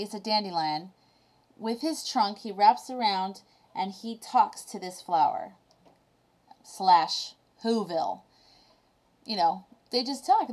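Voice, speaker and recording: A woman vlogger casually retelling a children's story to camera, animated and reflective. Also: mid-range voice.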